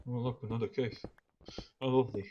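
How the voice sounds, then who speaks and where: A man's voice: medium pitch, steady tone, brisk, dull audio, slight background noise. A man chatting casually during a gaming stream, rambling and swearing constantly.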